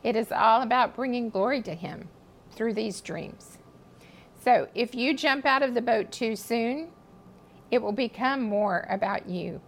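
Woman, high-ish voice with some fry, earnest devotional teacher, soft music behind. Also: a little hiss or hum, low-quality recording. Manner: earnest, expressive storytelling with dramatic pauses. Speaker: speaker teaching a Bible study. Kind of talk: devotional teaching, reading scripture.

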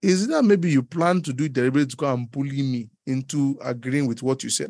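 A man preaching a sermon in an animated, teasing way, laughing often and leaping up in pitch. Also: fast, no echo, clean studio sound. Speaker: pastor.

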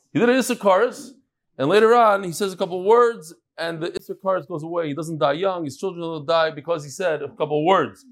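A man teaching a daily Talmud class as a rabbi, animated and teasing, joking with his audience as he reads messages and sets riddles. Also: a little high. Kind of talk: Talmud lesson with joking banter.

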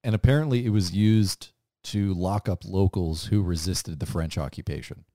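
A man's voice: sits low, normal speed, mellow, no echo, studio quality. A young man co-hosting a comedy podcast, telling a news story in casual chat with laughs and swearing. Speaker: podcast co-host.

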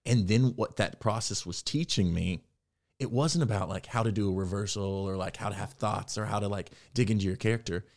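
A young man, an actor, talking candidly in an interview, telling his story in a reflective, animated way. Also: lowish voice, a little fast. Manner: candid, reflective, animated when quoting himself. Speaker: actor and podcast guest.

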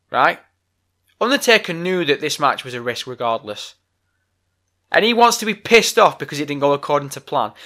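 Sweary man ranting, slightly high voice. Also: sharp tone. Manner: angry, sweary, blunt ranting. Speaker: podcast host. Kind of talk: solo wrestling podcast rant.

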